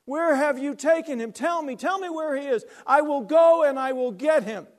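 A woman's voice: sits high, moderate pace, voice pushed up, natural voice. A man preacher voicing a grieving woman disciple who pleads and then cries out in joy. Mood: pleading. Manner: pleading, breathless exclamations. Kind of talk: sermon storytelling.

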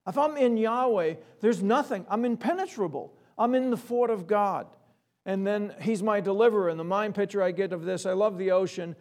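A middle-aged man from Long Island giving a sermon, reading scripture slowly and emphatically and reflecting in a personal way. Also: sits high, gravelly, darkish tone. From Long Island, New York. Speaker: preacher.

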